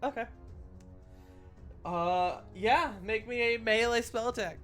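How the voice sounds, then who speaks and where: A man narrating a tabletop game as game master, animated and laughing often, jumping into loud character quotes. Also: extremely high pitch, slow, faint music behind.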